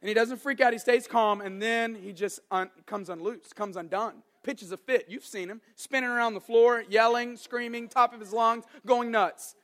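A young adult man preaching a sermon as an animated, joking storyteller. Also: extremely high pitch, moderate pace, hardly any pauses. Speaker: pastor.

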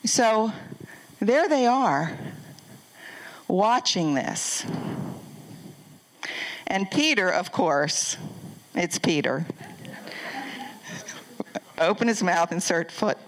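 A woman's voice: mid-range voice, expressive, slow pace, pauses often, rough recording. An older woman pastor preaching a conversational sermon, asking the congregation questions as she goes.

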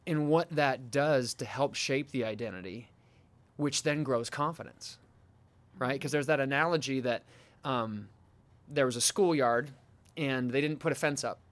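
A man's voice: medium pitch, unhurried, fairly bright tone. A man hosting a podcast, speaking reflectively and affirming his guest with rhetorical questions. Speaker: podcast host. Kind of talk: casual podcast chat.

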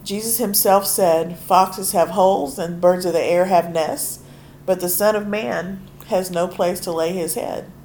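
A woman with a hoarse, froggy voice delivers a sermon at an unhurried pace. Her tone is earnest and conversational, pitched a little low, and she leans into the scripture she reads aloud. A faint hum of the room sits behind her. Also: fairly even intonation, a little mellow. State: hoarse from allergies. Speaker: preacher.

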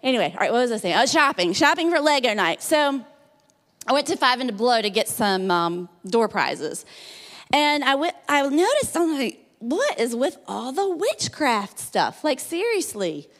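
A woman with a high voice gives a conversational sermon, talking in an animated, chatty way with lots of fillers. Her voice carries a long reverb from the hall she speaks in. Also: normal speed. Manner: chatty and animated, many fillers like "like" and "you know". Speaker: guest speaker.

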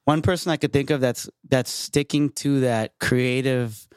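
A man's voice: medium pitch, steady tone, measured pace, smooth, no room sound. Laid-back thirties man, dry close sound. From San Jose, California. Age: 30s. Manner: laid-back, says man and bro, swears casually. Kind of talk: casual podcast chat.

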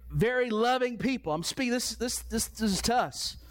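A man with a high-pitched voice preaching a sermon. He speaks earnestly and often doubles back on his words, repeating a phrase several times before pushing on to the point he wants to make. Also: expressive, normal speed.

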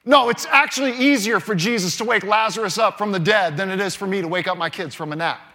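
A man preaching a sermon with a high, bright voice. He drops low and quiet for tender points, then climbs into loud, emphatic repetition. His delivery is full of restarts and calls to the congregation. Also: fast talker. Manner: builds from hushed to loud, repeats phrases for emphasis. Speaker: pastor.

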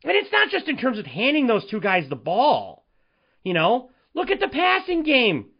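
A man's voice: extremely high pitch, moderate pace, gravelly, dull audio. Exasperated man ranting on a podcast. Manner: animated, exasperated ranting with rhetorical questions. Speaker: podcast host. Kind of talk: solo sports commentary podcast.

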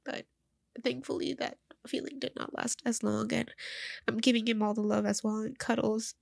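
Tearful young woman with a stuffy, creaky voice. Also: a little high, steady tone, no echo, clean studio sound. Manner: halting, repeats words, soft and emotional. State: crying, stuffy-nosed. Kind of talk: tearful personal vlog.

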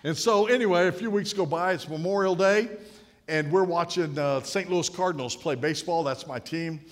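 A man's voice: fairly high pitch, moderate pace. Man in his late 50s preaching in a big echoing hall. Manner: folksy, anecdotal, builds to punchlines. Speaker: speaker at a podium. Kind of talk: humorous storytelling sermon. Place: large hall with an audience. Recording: long reverb of a large hall.

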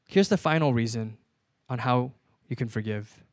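A man's voice: mid-range voice, moderate pace, no room sound. Conversational man preaching a sermon. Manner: conversational, repeats key lines for emphasis. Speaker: pastor.

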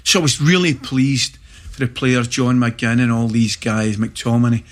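A middle-aged Scottish man, a former footballer, telling lively anecdotes in casual chat, often checking in with "right?". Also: medium pitch. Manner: animated anecdotes, quick asides like "right?". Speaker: former footballer and pundit guest.

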